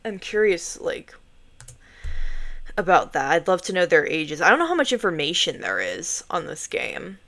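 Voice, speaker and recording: A woman streaming a story game, reading out the narration and chatting between scenes. Her voice sits lowish, and her talk is casual and full of fillers. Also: sing-song, normal speed, fairly bright tone. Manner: chatty, swearing, filler-heavy. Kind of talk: playthrough commentary and narration.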